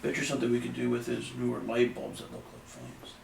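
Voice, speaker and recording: A man in his own old house, calmly sharing opinions during a live paranormal investigation, with fillers. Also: mid-range voice, quick pace, vocal fry. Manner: easygoing, thoughtful, fillers. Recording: roomy, distant, faint background noise.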